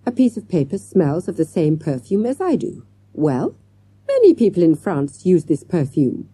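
A woman reading an audiobook, voicing a scheming foreign woman villain who speaks in stilted, mock-polite threats, in a raised, husky voice. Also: lowish voice, wildly swooping pitch, moderate pace, dark tone, no room sound, voice pushed up, heavily acted. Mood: coy challenge. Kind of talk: audiobook character voice.

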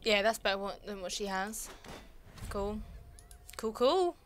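A woman's voice: mid-range voice, expressive, a little slow. A woman co-hosting a let's play, giggling and making playful puns. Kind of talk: casual gameplay chat.

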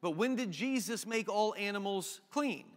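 A man preaching a sermon, animated and jokey, moving between reading scripture aloud and quick offhand asides. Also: sits high. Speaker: pastor. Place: church sanctuary. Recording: long hall reverb.

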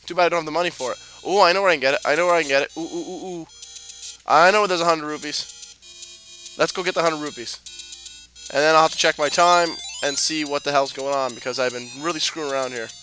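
A man giving profane, excitable, self-mocking commentary while playing through a video game. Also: on the high side, fast, soft background music. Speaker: let's play host. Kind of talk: let's play commentary.

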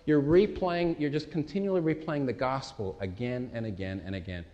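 A man delivers a sermon in a loose, conversational way, telling stories and often circling back to restart a phrase. His voice sits at an ordinary middle pitch. The recording carries a long hall reverb. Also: fairly quick, warm tone, muffled recording. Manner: conversational, anecdotal preaching with frequent restarts. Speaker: pastor.

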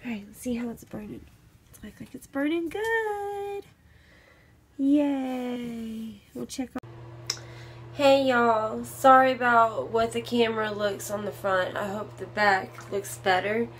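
A woman's voice: a little high, takes it slowly, a bit bright, slightly rough. A young woman, chatting casually at home into a phone camera while she thinks aloud. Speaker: vlogger reviewing a candle. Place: home room.

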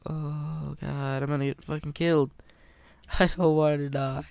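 A man's voice: a little high, flat delivery, measured pace, creaky, darkish tone, clear, resonant tone, dry recording. A man giving gameplay commentary, panicking, pleading and swearing, laughing at himself. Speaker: gamer.

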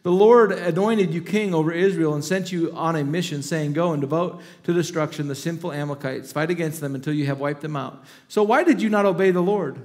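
A man's voice: fairly high pitch, brisk, few pauses, darkish tone. A middle-aged male pastor preaching a sermon, reading scripture aloud with dramatic emphasis and breaking into casual asides.

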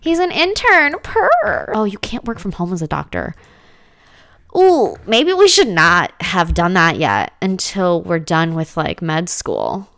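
Animated woman narrating her gameplay. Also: on the low side, measured pace, no room sound, clean studio sound. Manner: animated and dramatic, slangy exclamations. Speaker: gaming let's-play host. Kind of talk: casual gameplay commentary.

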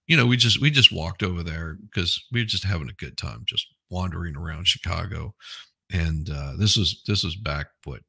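Host read: middle-aged man, low gravelly voice, bright edge, dry close sound. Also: dry recording. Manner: rambling, blunt, swears, lots of restarts. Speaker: livestream host reading chat. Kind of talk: casual live chat commentary.

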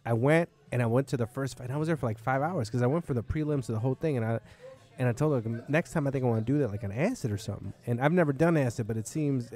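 A comedian hosting a podcast, spinning a long, rambling story in a bar. He talks fast and swears freely. His voice sits at an ordinary pitch. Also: a little mellow. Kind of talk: casual chat.

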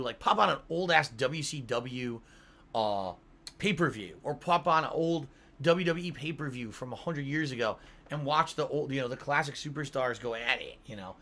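Man, home streamer, casual rambling chat to chat, bright forceful tone, a little tired. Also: medium pitch. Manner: rambling, swears casually, reads donor messages aloud. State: yawning, tired.

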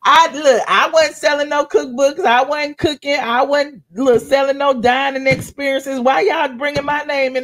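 A woman with a high, steady voice speaks at normal speed, barely pausing, as she hosts a livestream. She dishes gossip sassily to live viewers, laughing often and calling them honey.

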